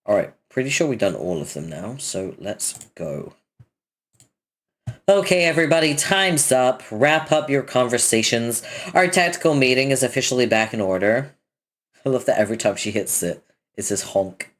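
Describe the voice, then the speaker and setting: Very low, husky woman reading a comic. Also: moderate pace. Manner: animated, switches between character voices; adds casual commentary between dialogue. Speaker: reader of a webcomic. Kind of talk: reading a comic aloud, voicing each character.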